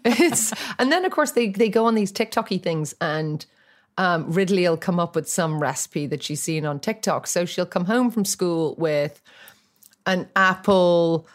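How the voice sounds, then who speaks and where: A woman in her forties, a guest in a casual chat, telling animated stories and acting out voices for comic effect. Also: on the low side, measured pace.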